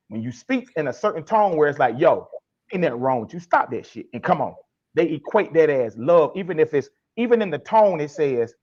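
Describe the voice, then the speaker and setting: Man, emphatic preachy coach, husky voice, lively swings in pitch, dull lo-fi sound. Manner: emphatic, preachy, acts out tough-love lines. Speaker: guest life coach. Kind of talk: podcast interview answer.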